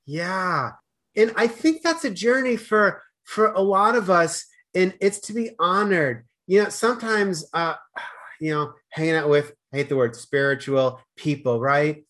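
A man with a Boston accent talking fast as a podcast guest, with stammered restarts and slurred words. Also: sits high, a bit bright. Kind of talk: casual conversation.

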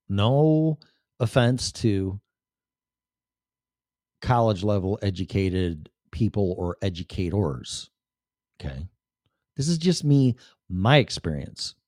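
A man's voice: fairly low pitch, a little mellow, no echo, studio quality. A man hosting a livestream in a casual ranting monologue, profane and rambling, with sudden shifts of voice. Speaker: livestream host.

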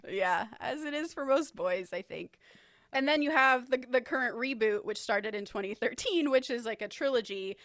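A woman's voice: on the high side, lively intonation, normal speed, a bit bright, no echo, studio quality. A woman co-hosting a podcast, chatting casually about her work and laughing easily. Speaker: podcast co-host.

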